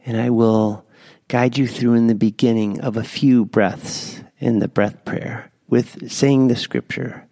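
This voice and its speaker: A man guiding listeners through a slow, gentle breath prayer. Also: medium pitch, steady tone, gravelly, no echo. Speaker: prayer leader.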